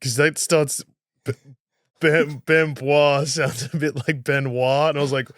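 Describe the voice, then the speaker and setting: A man's voice: on the high side, little pitch movement, unhurried, no room sound. A man co-hosting a casual comedy podcast, teasing the others, swearing and laughing. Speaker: podcast co-host.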